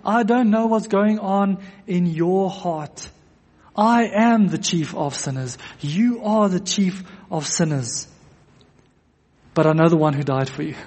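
A man's voice: high-pitched, slow pace, a little mellow. A man preaching a sermon to a congregation, earnest, repeating phrases for emphasis. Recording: long echo of a church hall.

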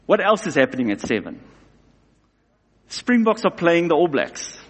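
A man preaching a sermon in an animated way, acting out both sides of everyday scenes. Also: fairly high pitch, normal speed, husky. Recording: long hall reverb.

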